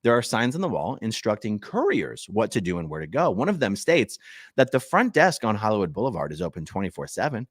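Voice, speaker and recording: Lively man reading documents aloud. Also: on the low side, fairly quick, no room sound, clean studio sound. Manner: lively, chatty asides to viewers. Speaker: channel host.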